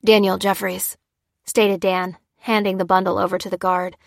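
A woman reading an audiobook chapter in a measured, steady scripted narration. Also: mid-range voice, dry recording, studio quality.

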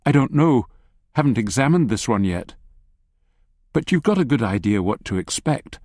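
A tired male detective speaks plainly and bluntly, asking his questions without fuss, as voiced by a man reading the story. The sound is dry and close. His delivery stays flat and steady. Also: mid-range voice, moderate pace, no room sound, natural voice. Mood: matter-of-fact.

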